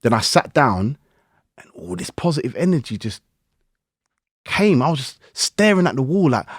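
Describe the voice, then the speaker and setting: Middle-aged man, guest on a podcast, lively storyteller with slang, dry booth sound. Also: medium pitch, normal speed, breathy edge, no room sound. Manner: animated, acts out his own inner dialogue, heavy slang. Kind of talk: casual interview chat.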